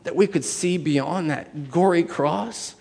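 A man preaching a sermon as pastor, shifting between loud emphatic passages and hushed ones, and acting out inner voices. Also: a little high, slow, creaky, breathy edge, long reverb tail.

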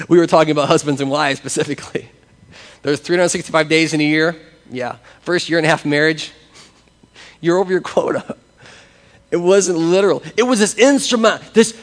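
A man preaching a sermon as pastor, animated and acting out the voices of people he quotes. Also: on the high side, moderate pace, big-room sound.

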